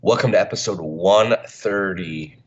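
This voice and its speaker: A man's voice: deep voice, measured pace. A man co-hosting a podcast in casual chat, with a groggy early-morning voice, rambling with restarts. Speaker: podcast co-host. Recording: dull lo-fi recording.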